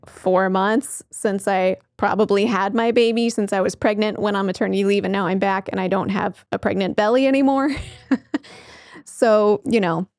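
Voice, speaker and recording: A therapist and show host in her thirties talks casually to camera, explaining things in a chatty way with frequent laughs and fillers. Her voice is medium-pitched and a little mellow, recorded with clean studio sound and no room sound.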